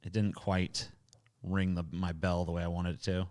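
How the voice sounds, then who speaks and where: A man's voice: low voice, completely flat delivery, moderate pace, darkish tone. A man hosting a casual livestream, reading chat questions aloud and answering in a blunt, sarcastic, profane way.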